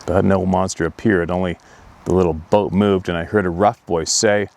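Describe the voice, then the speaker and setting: A man, host of an outdoors channel, earnestly recounting a painful personal memory in slow, emotional storytelling. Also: low-pitched, steady tone, gravelly, darkish tone.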